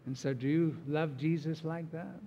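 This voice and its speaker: A man's voice: a little high, fairly even intonation, normal speed, vocal fry, mellow, muffled recording, a little hiss or hum. A man preaching a sermon as pastor, earnest and emphatic as he walks through scripture. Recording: long reverb of a large hall.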